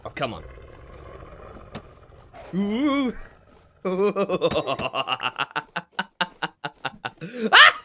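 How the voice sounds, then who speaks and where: Bright, lively male game streamer. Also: on the low side, a little slow, pauses often, slight background noise. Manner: animated, laughs often, talks to himself. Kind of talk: gameplay commentary with chat reading.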